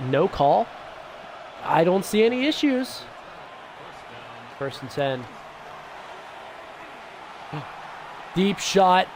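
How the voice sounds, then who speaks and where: Excitable young man commenting on gameplay. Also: on the high side. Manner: excitable, swings between hype and grumbling. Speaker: gaming YouTuber. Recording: noisy background.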